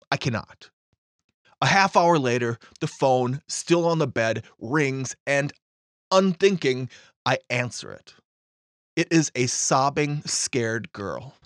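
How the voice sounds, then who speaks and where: A man narrating a personal story with dry understatement, in a matter-of-fact tone. His voice sits in a middle pitch and sounds close and dry, with no room around it. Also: no room sound.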